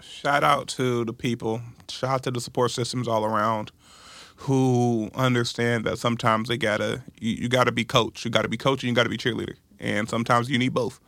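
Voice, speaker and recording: A man co-hosting a podcast, talking reflectively and haltingly about honesty. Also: mid-range voice, little pitch movement, creaky, fairly bright tone, no room sound. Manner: reflective, halting, with many fillers and restarts. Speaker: podcast co-host. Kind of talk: candid podcast conversation.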